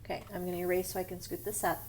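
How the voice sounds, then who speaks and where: A woman teaching a first grade grammar lesson in a slow, patient voice, and now and then she whispers a quick aside to herself. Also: a little hiss or hum. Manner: slow, patient teacher voice, sometimes lifts her pitch to show an excited sentence. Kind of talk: recorded online grammar lesson.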